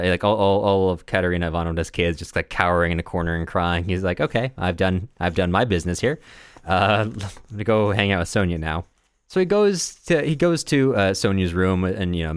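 A man co-hosting a podcast, casually recapping a novel in a halting, rambling way with many restarts and frequent laughs. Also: low-pitched, clear, resonant tone, no echo, clean studio sound. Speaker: podcast co-host.

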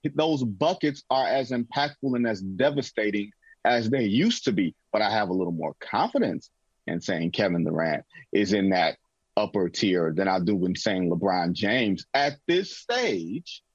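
A man holds forth on basketball in a casual sports debate, his voice husky and his pitch swinging widely as he tells stories. The sound is dry and slightly dull, with faint music underneath. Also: moderate pace, no echo. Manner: animated, storytelling with movie references. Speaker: sports talk co-host.

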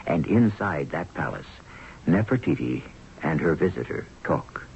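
Radio host-narrator: male, very low and gravelly, lively dramatic reading. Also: unhurried, slight background noise. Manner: theatrical, questioning, hushed asides. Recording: dull lo-fi vintage radio broadcast with music.

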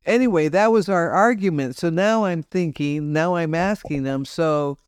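A woman's voice: lowish voice, normal speed, darkish tone, clear, resonant tone, dry recording, clean studio sound. A woman guest on a podcast telling a story about her son, acting out the dialogue in her own voice. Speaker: guest, bereaved mother. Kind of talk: podcast conversation.

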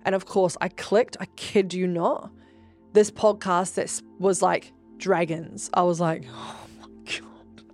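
A young woman hosting a podcast, telling spiritual stories in a casual, profane, animated way that jumps into excited shouts. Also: a little slow, faint music behind. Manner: animated, profane, bursts into high excited shouts when reenacting. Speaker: podcast host. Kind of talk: casual storytelling monologue.

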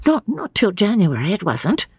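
A woman voicing a nervous, flustered young woman who stammers in a high voice. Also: huge pitch swings, normal speed, breathy edge, no room sound, heavily acted.

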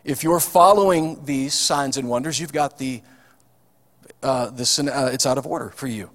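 A man's voice: medium pitch, moderate pace, a bit bright. A man preaching a sermon in a chatty, folksy way, with frequent fillers and restarts. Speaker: pastor. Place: church hall. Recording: long hall reverb.

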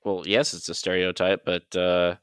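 A man's voice: low-pitched, little pitch movement, normal speed, clean tone, dry recording. A man co-hosting a casual podcast, making dry sarcastic asides. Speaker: podcast co-host. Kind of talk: casual chat.

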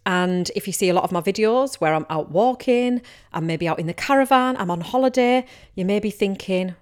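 A woman's voice: medium pitch, lively intonation, normal speed, darkish tone. A woman with a Teesside accent hosting a casual solo podcast, speaking candidly and chattily as a business coach who now and then acts out what listeners might be thinking. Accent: Teesside English. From Teesside, England.

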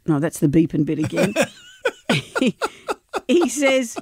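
A woman's voice: lowish voice, sing-song, measured pace, a little mellow, slightly rough. An Australian woman co-hosting a radio show, chatting casually and reading out quotes with mock drama. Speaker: radio co-host.

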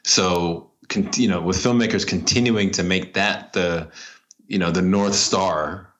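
A man co-hosting a casual podcast, rambling animatedly with quick asides. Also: low voice, fairly even intonation, a bit bright. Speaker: podcast co-host.

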